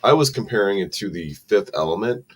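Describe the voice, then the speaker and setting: Man, low voice, podcast co-host, profane, blunt, casual. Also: expressive, brisk, slightly rough. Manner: crude, profane, blunt and contrary. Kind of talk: casual chat.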